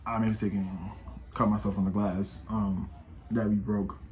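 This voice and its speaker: A man's voice: lowish voice, flat delivery, moderate pace, darkish tone, a little hiss or hum. An eighteen-year-old man telling a casual storytime, rambling and slangy, with many restarts and quoted voices. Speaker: vlogger.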